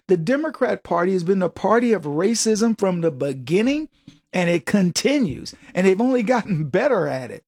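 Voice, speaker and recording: A man hosting a radio talk show, giving an emphatic, sarcastic political monologue and laughing at his own jokes. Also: high-pitched.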